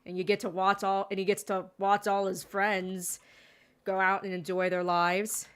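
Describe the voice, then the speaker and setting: A woman's voice: medium pitch, level tone, moderate pace, clean tone. A woman giving casual gameplay commentary, rambling with sarcastic asides. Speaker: gaming streamer.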